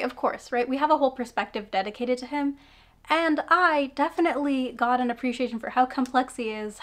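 A young woman chatting casually through a book review, frank and full of fillers and sighs. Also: fairly high pitch. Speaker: book vlogger.

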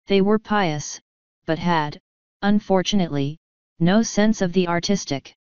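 A woman narrating an audiobook in a measured, even reading voice. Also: fairly low pitch, smooth, no room sound. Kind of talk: scripted narration. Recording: dull lo-fi dry recording.

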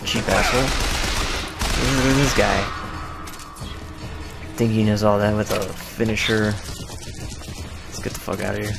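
A man's voice: fairly low pitch, steady tone, measured pace, vocal fry, pauses often, loud music behind the voice. A young man casually commenting on a video game he is playing, rambling, profane and sarcastic. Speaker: gameplay commentator. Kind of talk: casual let's play commentary.

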